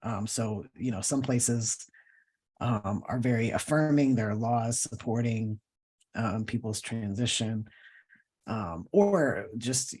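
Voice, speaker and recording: A man speaking as an interview guest in a casual conversation, thoughtful and pausing to search for words. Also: on the low side, a little mellow, husky. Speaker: guest, professor and cartoonist.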